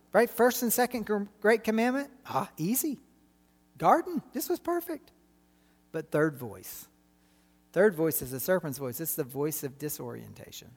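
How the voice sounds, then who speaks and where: A middle-aged man with a fairly high voice preaches to his congregation in a large hall. He's animated throughout, peppering the sermon with rhetorical questions.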